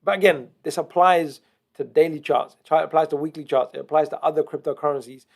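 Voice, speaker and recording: A man teaching trading chart analysis, explaining slowly and methodically to viewers. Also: on the high side, fairly even intonation, darkish tone. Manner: deliberately slow, methodical explaining. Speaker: trading educator. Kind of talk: screen-share chart analysis.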